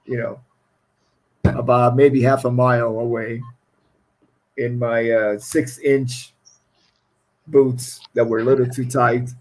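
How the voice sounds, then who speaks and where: A man's voice: medium pitch, poor audio. A middle-aged man with a foreign accent, a guest musician telling stories in a rambling, laughing way, often restarting his phrases. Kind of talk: casual storytelling interview.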